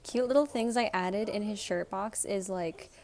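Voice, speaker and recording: A woman in her twenties chatting casually in a vlog, talking fast and rambling a little, as she does when nervous. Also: mid-range voice, a little mellow. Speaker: vlogger. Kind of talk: casual chat.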